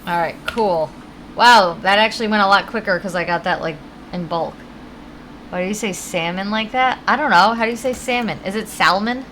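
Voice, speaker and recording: A woman's voice: mid-range voice, brisk, fairly bright tone, slight background noise, rough recording. A woman with a Connecticut accent, chatting casually and rambling while she plays a video game and answers her chat. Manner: chatty, rambling, reads chat aloud, swears now and then. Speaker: game streamer.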